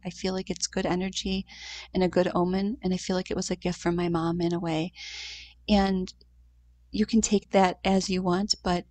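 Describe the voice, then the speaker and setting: A woman in her thirties telling a personal story in a heartfelt, conversational way, with short pauses and fillers. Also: mid-range voice, a little mellow. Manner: heartfelt, conversational, acts out quoted voices. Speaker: mother sharing a grief story.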